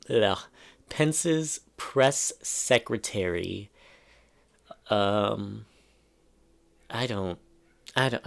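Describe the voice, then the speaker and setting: On his solo podcast, a man with a lowish, creaky voice rants in an exasperated, profane way. He rambles, trailing off and restarting in the middle of sentences.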